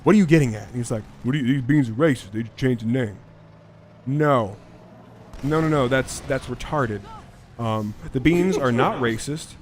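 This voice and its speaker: A man's voice: medium pitch, moderate pace. A man chatting casually as a podcast co-host over gameplay. He rambles through anecdotes with a lot of fillers and restarts, laughing along the way. A faint hiss of noise sits under the voice. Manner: rambling storyteller, laughs often. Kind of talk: casual chat while gaming.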